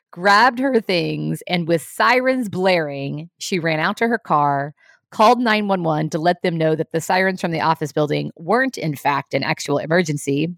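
A woman hosting a short leadership podcast, giving a scripted, encouraging talk with a measured storytelling manner. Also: low voice, no echo, clean studio sound.

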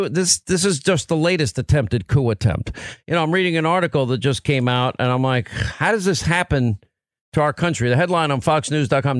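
A man's voice: a little high, no room sound. A middle-aged man hosting a political talk radio show, speaking in an impassioned, emphatic way.

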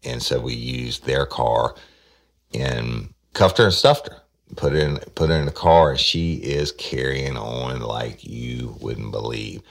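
A man with an extremely deep voice and a gravelly rasp, telling old cases like a former detective. He talks in a blunt, plain, profane way, as casual spoken storytelling. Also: little pitch movement, a little slow.

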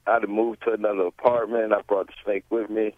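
A man's voice: lowish voice, little pitch movement, quick pace, no room sound. A man, a guest, telling a story in a laid-back way with short clipped sentences, heard over a tinny phone-like line. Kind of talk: casual storytelling.

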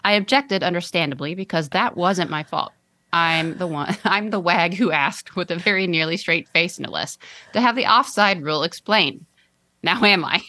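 A woman's voice: lowish voice, moderate pace, bright, forceful tone, no room sound. A woman co-hosting a casual podcast, reading a listener's email aloud and laughing between phrases. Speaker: podcast co-host.

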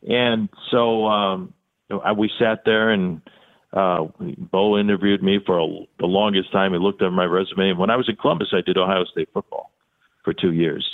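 A man's voice: deep voice, moderate pace. An older man, a sportscaster, telling stories in an interview and acting out the dialogue. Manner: animated storyteller who acts out quoted dialogue. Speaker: sportscaster, podcast guest. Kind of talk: storytelling in an interview. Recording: phone-line audio.

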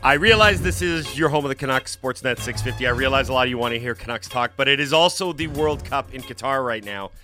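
A man hosting a morning sports radio show, running through the day's schedule in a lively way in a studio. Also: medium pitch, soft background music. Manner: lively, rattles off a quick rundown. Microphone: studio mic.

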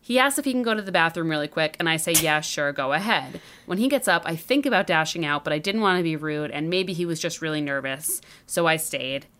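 A woman's voice: sits low, expressive, brisk, hardly any pauses, fairly bright tone, slight background noise. A woman from Chicago, a podcast host telling a dating story in chatty casual talk full of "like" fillers. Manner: chatty, lots of "like" fillers and laughter.

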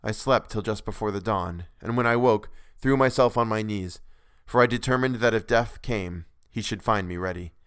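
A man's voice: on the low side, moderate pace, few pauses, a bit bright, clean tone, no room sound. A man narrating a classic novel in the first person with earnest, dramatic delivery, recorded on a close microphone.

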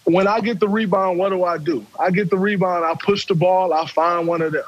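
A man, telling a story in casual talk, animated and profane, acting out quotes. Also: sits high, fairly quick, muffled recording.

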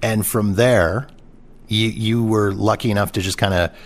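A man hosting a podcast interview, prompting his guest in a halting, casual way. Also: fairly low pitch, fairly even intonation. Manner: halting, repeats words. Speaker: podcast host.

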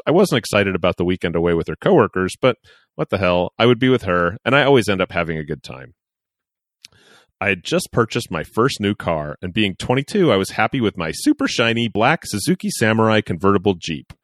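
Lively low-voiced male podcast host. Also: brisk, no room sound, studio quality. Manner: animated, jokey, reads aloud with playful asides. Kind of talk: casual podcast chat and letter reading.

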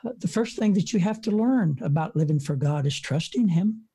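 A man's voice: high-pitched, expressive, fairly quick, warm tone, husky. A man in his seventies, an evangelist preacher, telling stories in a folksy, rambling way with many fillers, speaking from his front porch. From United States. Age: 70s. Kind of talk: storytelling in an interview.

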